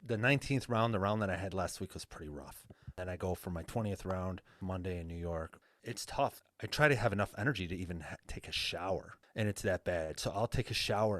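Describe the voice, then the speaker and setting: Male guest coach, earnest and plain-spoken, deep voice, dry close sound. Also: dry recording. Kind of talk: casual podcast interview.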